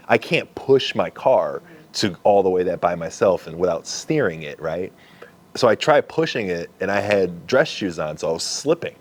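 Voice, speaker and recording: A young man hosting a podcast, chatting casually, eager and encouraging, and telling a story of his own. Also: sits low. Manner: eager, encouraging, frequent short backchannels. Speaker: podcast host.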